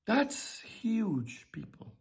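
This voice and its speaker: Slow, lively Bible teacher with a bright voice. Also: mid-range voice, gravelly, breathy edge. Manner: asks rhetorical questions and repeats key phrases. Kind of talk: sermon-style Bible teaching.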